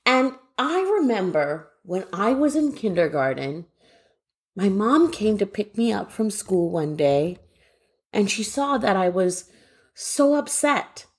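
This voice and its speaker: Unhurried Canadian-raised woman storyteller. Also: medium pitch. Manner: lively comic storytelling with mock voices. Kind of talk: told personal story.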